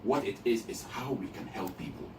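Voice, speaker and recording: A man from Ghana speaks in a lowish voice, pressing his points with emphatic repetition. He sounds distant in a reverberant room. Steady background noise sits under the voice. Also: fairly quick. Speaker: guest. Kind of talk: casual interview talk. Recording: echoey room, distant mic, noisy.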